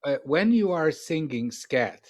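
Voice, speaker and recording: A man's voice: fairly high pitch, big pitch swings, a little slow, darkish tone. A man hosting a casual interview, asking eager questions and often restarting his sentences. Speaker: interview host.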